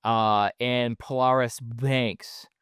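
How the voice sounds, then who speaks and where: A man's voice: mid-range voice, fairly even intonation, extremely slow, a bit bright, clean tone, no echo, clean studio sound. A man hosting a solo podcast in a casual, rambling way, with lots of fillers and the odd swear word. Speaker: podcast host.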